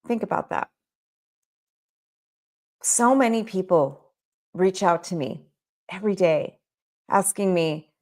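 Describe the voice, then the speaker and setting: A woman's voice: fairly low pitch, lively intonation, takes it slowly, long pauses, darkish tone. A woman coaching child care business owners in a motivational talk, emphatic and full of repeated rhetorical questions.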